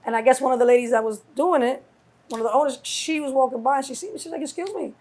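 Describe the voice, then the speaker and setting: A middle-aged woman from New York, a guest telling stories in a casual interview, acting out quotes with lively swearing. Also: sits high, quick pace. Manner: animated storyteller acting out quotes, heavy cursing. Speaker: guest, mother of a rapper.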